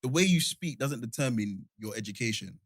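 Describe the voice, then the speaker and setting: A man with a London accent hosting a podcast, telling stories in a slangy, animated way with the group. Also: medium pitch, a little fast, a crowd in the background. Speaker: podcast host. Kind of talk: casual group chat.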